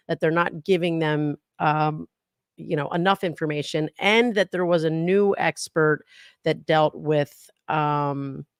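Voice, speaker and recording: A woman's voice: sits low, no echo, clean studio sound. A woman lawyer and podcaster, a guest on a casual legal livestream, talking in a chatty, agreeable way. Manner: chatty, agreeable, with small laughs.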